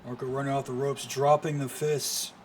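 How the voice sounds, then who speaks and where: A man doing live play-by-play commentary on a wrestling match, excitable and full of exclamations. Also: medium pitch, moderate pace, a little hiss or hum. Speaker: streamer commentator.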